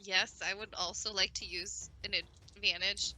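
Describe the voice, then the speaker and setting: A woman's voice: mid-range voice, flat delivery, normal speed, sharp tone, poor audio. A woman playing a tabletop game, chatting freely and asking questions about the rules. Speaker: player. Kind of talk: casual tabletop game play.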